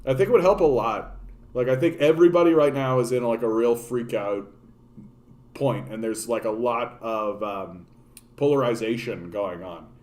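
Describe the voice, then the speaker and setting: Canadian man, political streamer, mid-pitched voice, profane sardonic rambling to chat. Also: moderate pace, darkish tone. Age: adult, grown since his younger days. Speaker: political livestream host. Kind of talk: casual rant to live chat.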